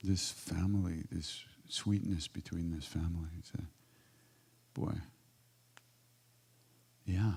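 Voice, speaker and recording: An older man from the United States answering audience questions, telling reflective stories in an unhurried way with emphatic bursts. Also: deep voice, steady tone, gravelly, husky. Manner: unhurried, warm-hearted anecdotes with emphatic bursts. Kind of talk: reflective storytelling.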